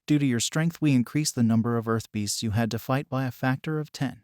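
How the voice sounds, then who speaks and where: A man reading the lines of a tired, deadpan male teacher who speaks in a monotone, matter-of-fact way. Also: medium pitch, brisk, no echo, clean studio sound, natural voice.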